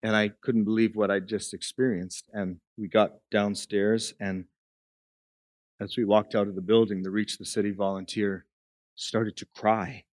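A man preaching a sermon, moving from quiet storytelling into an impassioned climax. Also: fairly low pitch, flat delivery, measured pace, dry recording, clean studio sound. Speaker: pastor.

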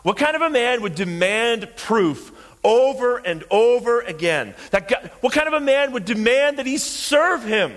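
A man preaching a sermon, impassioned and repeating phrases for emphasis, rising from quiet to loud. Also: very high voice, sing-song, a little slow. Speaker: pastor.

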